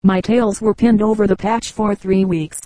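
Woman reading an old comic piece for an audiobook, pretty monotone, soft mellow tone. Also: medium pitch, moderate pace, dry recording, low-quality recording. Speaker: audiobook reader. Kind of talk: reading an old humorous magazine piece aloud.

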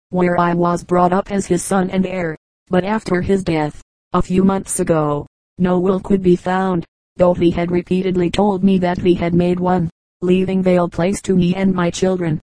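Woman reading as a calm gentleman father. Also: lowish voice, no room sound, natural voice, poor audio.

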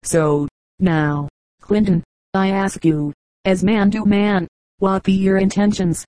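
A woman voicing a blunt, stern older farmer who speaks in gruff rustic talk. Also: mid-range voice, fairly even intonation, takes it slowly, mellow, no room sound, close to an everyday voice, rough recording.

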